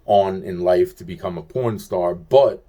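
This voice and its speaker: A man with a somewhat low voice talks straight through a long personal story. He swears constantly and drifts from thought to thought. He often breaks off a sentence and starts it again. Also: measured pace, warm tone. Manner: heavily profane, rambling, restarts sentences. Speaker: vlogger recounting personal events. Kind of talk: rambling first-person monologue.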